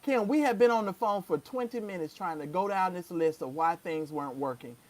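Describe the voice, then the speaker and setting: This live stream co-host has a fairly low voice and talks a little fast. In casual chat, she spins an animated story and performs each quote as she goes.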